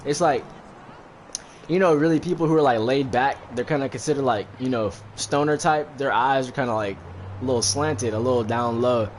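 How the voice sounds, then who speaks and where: Brief: laid-back male streamer, mid pitch, rambling slangy recap, faint hiss behind. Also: normal speed. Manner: rambling, heavy fillers, profane. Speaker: streamer recapping a movie while gaming. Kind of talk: casual slangy retelling with acted quotes.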